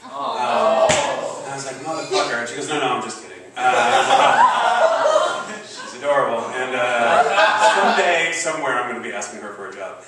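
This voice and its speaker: A man's voice: medium pitch, huge pitch swings, a little slow, a loud crowd. A man in his forties telling a rambling, profane, self-deprecating story on stage in front of a live audience. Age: 40s. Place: stage in a comedy venue. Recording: roomy, distant live venue recording. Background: audience laughter.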